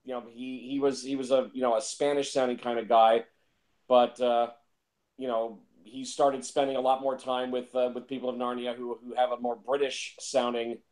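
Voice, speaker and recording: A man's voice: mid-range voice, level tone, normal speed, a little mellow. A man talking casually about films, rambling and repeating himself with lots of fillers. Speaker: film reviewer. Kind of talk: casual film discussion.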